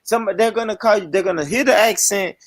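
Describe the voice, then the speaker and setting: A man's voice: sits high, brisk, no echo. A man with a Southern American accent, chatting on a live online panel and telling stories with lots of "you know what I mean.". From Southern United States. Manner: animated storyteller, keeps asking "you know what I mean".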